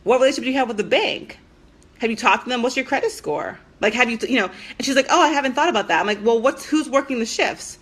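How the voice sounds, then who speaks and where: Blunt, bright-voiced woman telling a story. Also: fairly high pitch, quick pace, husky. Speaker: business coach. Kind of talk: casual talk to camera.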